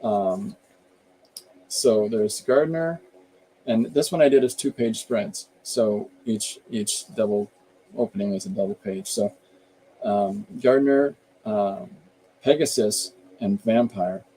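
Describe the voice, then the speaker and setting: A man in his fifties chats casually while he draws. He talks in a rambling, easygoing way. His voice sits a little low, with a very dark, mellow tone. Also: takes it slowly, slight background noise, low-quality recording. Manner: rambling and easygoing, explaining his work as he goes. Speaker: artist and show host. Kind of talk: casual chat while drawing live.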